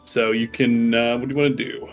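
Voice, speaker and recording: Man, game master, casual narration, lots of fillers, mid pitch, faint background music. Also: level tone, fairly quick, vocal fry. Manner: chatty, laughs often, many fillers.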